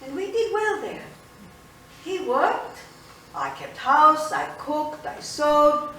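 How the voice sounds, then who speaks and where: An actress in a solo theatrical monologue, playing an older immigrant grandmother who tells her story with expressive, indignant energy, recorded from a distance in an echoey theater. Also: sits high, slow pace, slight background noise, full character voice. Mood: recounting. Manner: expressive storytelling, switching between wistful and fiery. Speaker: solo stage performer. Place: theater stage.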